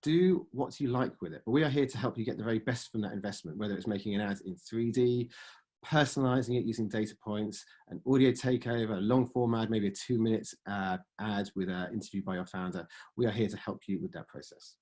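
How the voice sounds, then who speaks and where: Man in his forties pitching ad products. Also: brisk, a little mellow, breathy edge. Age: 40s. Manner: pitching, with fillers, trailing off at ends. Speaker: ad sales presenter. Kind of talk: business presentation.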